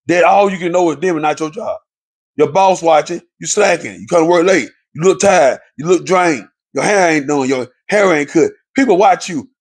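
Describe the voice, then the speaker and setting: A man with a fairly high, slightly rough voice preaches to viewers about relationships with real fervor. As a relationship commentator, he circles back to the same points to stress them.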